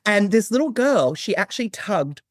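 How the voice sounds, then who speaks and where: A man as a podcast guest, earnestly telling a personal story, animated and often restarting his sentences. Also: high voice, normal speed, dry recording, clean studio sound. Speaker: guest, psychic medium. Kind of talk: conversational storytelling.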